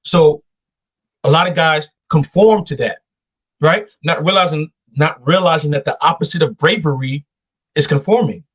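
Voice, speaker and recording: Podcast guest: husky-voiced man, a bit higher than most, emphatic and preachy. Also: moderate pace. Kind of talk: casual podcast talk.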